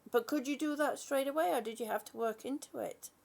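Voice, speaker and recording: At home, a chatty livestream host with a gravelly, high voice talks briskly in a casual live chat with viewers. She offers warm greetings, yawns, laughs, and loses her train of thought.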